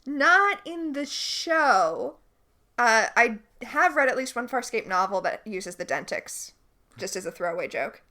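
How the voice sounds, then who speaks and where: A woman co-hosting a casual podcast, recapping a TV episode with enthusiastic, animated storytelling. Her voice is bright and forceful, sitting a bit high. Her pitch swings widely from line to line. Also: a little slow. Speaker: podcast co-host.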